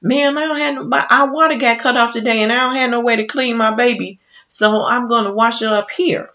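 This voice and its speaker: A woman voicing a desperate young mother who apologizes and pleads in a hurried way. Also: fairly high pitch, steady tone, pushed and bright, dull audio, pitched above the performer's own voice. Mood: pleading.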